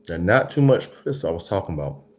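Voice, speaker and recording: A man hosting a live food tasting show, gushing about what he has cooked and swinging from low murmurs to high, excited exclamations. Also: a little fast. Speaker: food show host tasting his own cooking.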